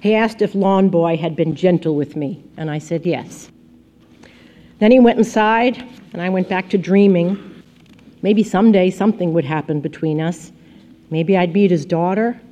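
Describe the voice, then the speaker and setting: Female audiobook narrator, lowish and mellow, quiet intimate storytelling. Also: normal speed, muffled recording. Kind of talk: scripted first-person narration.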